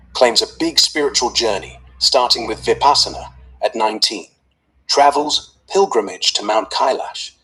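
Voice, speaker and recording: An AI voice playing a brash male private investigator with an Indian accent and a husky tone. He reports in a breezy, slangy, matter-of-fact way. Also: medium pitch, fairly bright tone, low-quality recording.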